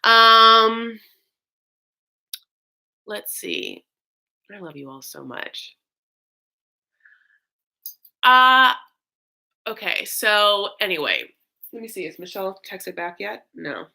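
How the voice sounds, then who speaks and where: A woman's voice: medium pitch, lively intonation, slow, gravelly, long pauses, sharp tone. A young woman hosting a casual livestream, rambling with lots of fillers and gushing thanks to her viewers. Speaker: host of a live recap stream.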